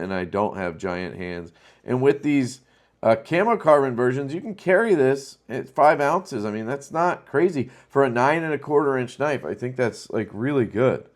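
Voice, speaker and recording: Chatty enthusiastic man showing knives. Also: lowish voice. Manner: enthusiastic, loose and chatty with fillers. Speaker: knife channel host. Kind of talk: casual product showcase.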